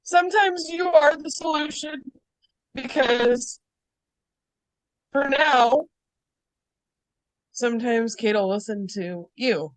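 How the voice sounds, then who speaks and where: A mother sharing in an online support group on a video call. She speaks slowly and haltingly, her voice a little high and full of emotion. The sound is close and dry, with no room around it. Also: no room sound, poor audio. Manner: halting, emotional, pauses mid-thought.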